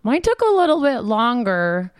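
A woman hosting a podcast in casual chat. She is excitable and emotional, and she laughs often. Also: fairly high pitch, normal speed, clean tone, dry recording, studio quality. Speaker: podcast host.

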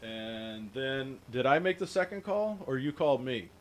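A man's voice: mid-range voice, lively intonation, normal speed, slight background noise. A man hosting a casual radio talk show who tells stories with animation and laughs often. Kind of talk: casual chat.

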